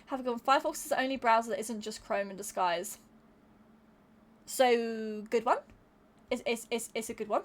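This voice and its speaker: A woman's voice: on the high side, moderate pace, pauses often. A woman streamer chatting casually with her live viewers, laughing often, swearing freely and repeating words as she thinks.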